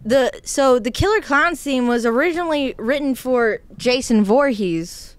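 Smooth, higher-voiced woman podcast guest. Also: expressive, unhurried, no room sound. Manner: chatty, fillers, hedging. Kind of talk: casual chat.

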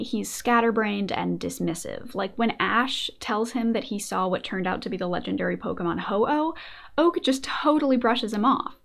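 A woman's voice: on the high side, vocal fry. A woman hosting her own video, a writing teacher giving scripted, casual commentary with playful joking asides. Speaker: video essayist and host.

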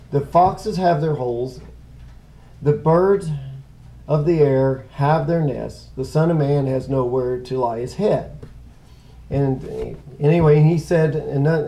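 A man's voice: on the high side, dark tone, poor audio. A middle-aged man teaching a casual Bible lesson, rambling and conversational, often stopping to correct himself.

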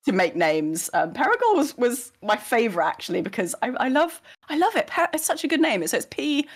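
A woman's voice: a little high, big pitch swings, fairly quick, slightly rough. A woman guest in a casual remote interview, talking animatedly, often laughing and acting out quoted voices.

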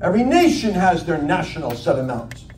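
A man giving an animated, jokey sermon as a guest preacher, acting out quoted voices. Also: a little high, brisk. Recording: echoey hall from far off, faint noise.

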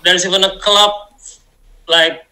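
A man's voice: sits high, steady tone, takes it slowly, bright, forceful tone, a little hiss or hum, low-quality recording. A man from Indonesia, a guest musician chatting casually and laughing along. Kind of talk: casual chat.

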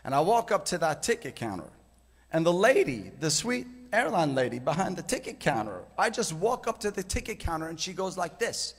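A man delivers a fervent charismatic sermon, hammering key phrases through repetition. His voice sits high. The long reverb of a church sanctuary trails every phrase. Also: very animated, a little fast, breathy edge. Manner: fervent, storytelling, emphatic repetition. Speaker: guest preacher.

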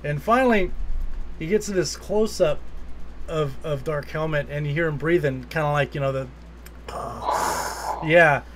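Rambling, swearing man, slightly high voice. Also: moderate pace, pauses often, a little hiss or hum. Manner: rambling, swears freely, laughs while retelling scenes. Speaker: podcast co-host. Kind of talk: casual movie review chat.

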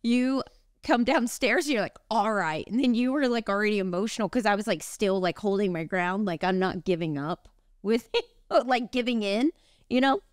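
A woman's voice: mid-range voice, moderate pace, no room sound, clean studio sound. A woman, co-hosting a podcast in casual, rambling chat. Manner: chatty, rambling, lots of "like". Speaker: podcast co-host.

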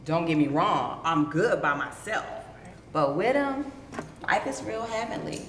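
A woman's voice: lowish voice, very animated, measured pace, fairly bright tone. An actress playing a smug young expectant mother who talks in slangy, self-satisfied tones. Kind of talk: film drama acting. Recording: echoey hall with noise.

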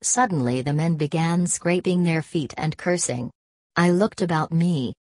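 A woman narrates an audiobook in a steady first-person read. Her voice sits low and deep. The recording is dry and close, with no room sound. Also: unhurried, dry recording. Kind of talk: scripted narration.

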